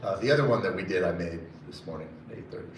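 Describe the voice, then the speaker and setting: A man's voice: low-pitched, lively intonation, very fast, distant mic. A man teaching a live music lesson in a casual, hesitant way, often counting beats aloud. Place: conference center room. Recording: roomy sound from off-mic with loud music.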